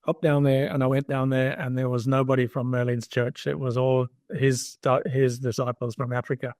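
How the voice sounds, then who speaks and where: Flat in delivery and at normal speed, the mid-range, slightly mellow voice of an older man comes through with no room sound. He's an entrepreneur guesting on a podcast, telling a long personal story anecdotally in conversation and acting out the dialogue he quotes.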